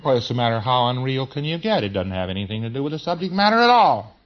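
Male lecturer, mid-pitched, folksy and emphatic, on a muffled lo-fi recording. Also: very animated, fast talker. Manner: folksy and emphatic, with slang and repetition. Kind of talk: informal lecture.

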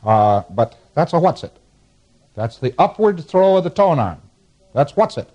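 A man's voice: a little high, big pitch swings, measured pace, darkish tone. Man lecturing a class with diagrams. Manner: explains diagrams, chuckles, acts out examples. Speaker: instructor.

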